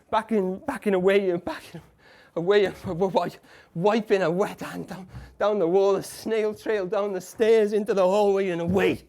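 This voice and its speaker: Stammering wrecked husband played by a man, live monologue on a café stage, slightly high voice, repeats himself, murmurs then yells. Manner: halting, stammering, repeating broken phrases; swings between hushed murmurs and shouts. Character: tormented man who caught his wife cheating. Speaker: stage actor. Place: café bar stage before a live audience.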